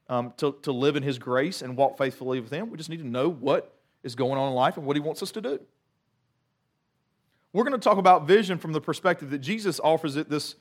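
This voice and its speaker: Animated middle-aged preacher, slightly high voice. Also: male voice. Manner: animated storyteller, repeats words and jumps into acted quotes. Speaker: pastor. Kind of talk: sermon.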